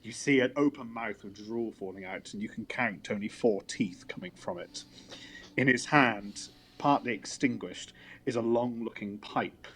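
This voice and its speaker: A man running a tabletop game as game master, describing scenes in an unhurried way. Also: mid-range voice, a bit bright, slight background noise.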